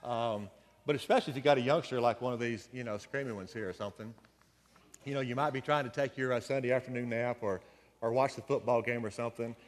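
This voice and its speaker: A man's voice: medium pitch, fast. Man, preacher, conversational sermon, mid-range voice, long church reverb. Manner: conversational, folksy, with storytelling asides. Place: church sanctuary.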